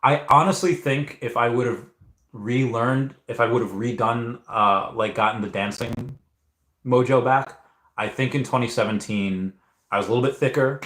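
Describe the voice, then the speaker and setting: A young man chats casually on a livestream, reading out viewer messages and wandering through his answers. He keeps restarting and repeating himself. His mid-pitched voice carries a noticeable echo from the room around him. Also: moderate pace, a bit bright. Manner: rambling, repeats words and restarts often. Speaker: livestream host reading chat. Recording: echoey room.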